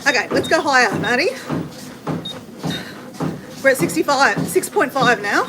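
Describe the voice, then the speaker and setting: High-voiced Australian woman chatting mid-walk. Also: animated, unhurried. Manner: chatty, reads and answers viewer comments. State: walking on a treadmill, slightly effortful. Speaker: livestream host. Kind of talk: casual livestream chat while treadmill walking. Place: home with renovation banging. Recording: noisy background with banging.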